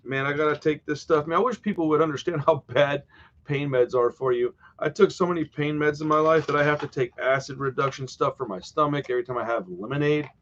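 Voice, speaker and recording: A man's voice: fairly high pitch, brisk, a bit bright, dull audio. A man hosting a horror live stream, chatting casually and wandering off topic from home. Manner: rambling, easily sidetracked, chatty.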